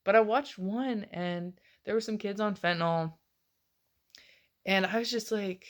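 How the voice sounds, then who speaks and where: A woman's voice: medium pitch, unhurried. A woman in her late twenties rambling casually in a confessional vlog, swearing often and laughing between phrases. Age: late 20s. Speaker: vlogger.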